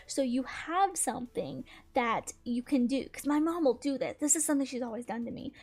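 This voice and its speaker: A young woman hosting a gaming channel, telling a story in casual chat with an exasperated, animated manner and frequent laughs. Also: sits high.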